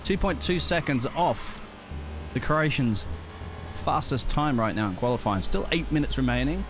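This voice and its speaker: A man's voice: mid-range voice, lively intonation, moderate pace, music in the background. A man doing live sim racing commentary in a conversational way, talking directly to viewers.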